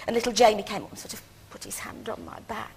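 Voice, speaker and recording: A woman's voice: mid-range voice, expressive, quick pace, slight background noise. A woman in her fifties, a guest on a chat show, telling self-mocking stories and laughing often.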